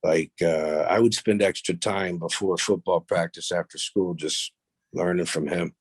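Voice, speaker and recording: A man's voice: low voice, fairly even intonation, measured pace, slightly rough, no room sound. A man as a podcast guest, telling stories in a blunt, profane, boastful way. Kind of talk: casual storytelling interview.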